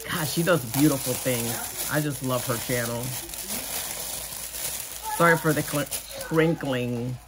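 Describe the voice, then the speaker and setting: A woman's voice: extremely low pitch, measured pace, long pauses, background noise. A woman vlogger chatting casually as she opens gifts, gushing and gasping with delight. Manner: gushing, gasps and squeals when delighted. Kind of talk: casual unboxing chat.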